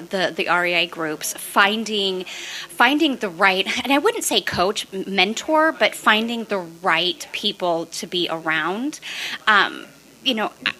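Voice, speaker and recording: A woman's voice: mid-range voice, low-quality recording. A woman with a St. Louis accent, a real estate investor telling her story in a casual podcast interview with many restarts. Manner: animated storytelling with lots of restarts.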